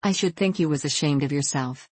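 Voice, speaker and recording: A woman's voice: low voice, fairly quick, a little mellow, breathy edge, no echo. A woman voicing an outspoken young country cook with homely speech in a storybook reading. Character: plain, bold young country girl, a cook.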